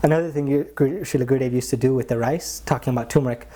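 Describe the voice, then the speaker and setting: A man, a spiritual teacher, telling anecdotes in a casual, animated way, acting out the voices of the people in his stories and often saying "like.". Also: mid-range voice, very fast. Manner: animated, acts out quoted voices, frequent "like" fillers. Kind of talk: casual storytelling talk.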